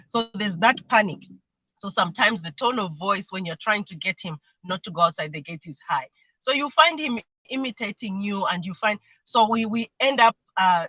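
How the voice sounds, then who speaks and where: A woman's voice: mid-range voice, sharp tone, no room sound, rough recording. A woman speaking earnestly as a mentee on a livestream, explaining her family routines and sometimes imitating voices when she quotes people. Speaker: mentee sharing her experience. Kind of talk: livestream conversation. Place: remote video call.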